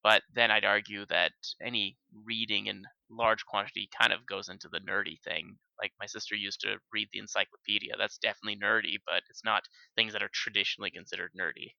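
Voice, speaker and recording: A man co-hosting a podcast from home, talking in a halting way, thinking aloud with many restarts. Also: on the low side, steady tone, creaky, pushed and bright, dry recording, dull audio. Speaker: podcast co-host. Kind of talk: casual podcast chat. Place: home, recording remotely.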